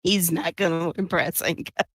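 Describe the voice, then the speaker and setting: A woman's voice: lowish voice, level tone, normal speed, dry recording. A woman at a game table talks through her character's moves in a casual, chatty way, with a mid-range voice. Her voice sounds close and dry, with no room around it. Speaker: player.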